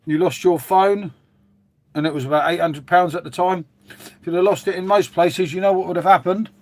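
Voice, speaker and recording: A man's voice: high-pitched, fairly even intonation, moderate pace. Rambling man chatting to his viewers. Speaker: livestream host reading chat. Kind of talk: casual chat with live viewers. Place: at home making a hot drink.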